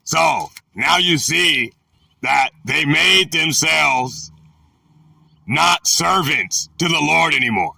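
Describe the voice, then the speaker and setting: A man teaching a Bible word-study lesson, talking haltingly with many filler pauses. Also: fairly high pitch, expressive, vocal fry, bright, forceful tone, slightly rough, no room sound, clean studio sound, far from the mic.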